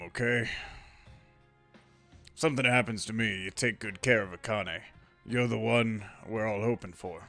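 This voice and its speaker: A man putting on a gravelly voice for a cocky young brawler in a video game, full of defiance. The tone is bright and edgy. Faint game music plays underneath. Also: lowish voice, full character voice. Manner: defiant, tough-talking. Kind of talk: reading game dialogue aloud.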